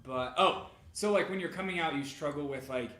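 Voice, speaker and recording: A man co-hosting a vlog, chatting excitedly and speaking straight to the viewers. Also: on the high side, fairly quick, a little hiss or hum. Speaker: vlogger, co-host. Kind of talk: casual chat. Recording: echoey room.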